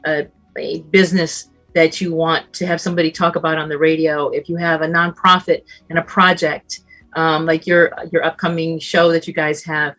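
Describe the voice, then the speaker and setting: A middle-aged woman with a lower voice talks earnestly as a seasoned radio host. She offers help in a warm, storytelling way. Faint music sits quietly behind her. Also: flat delivery, normal speed. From Southern California. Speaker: radio talk show host and guest speaker. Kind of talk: casual panel conversation.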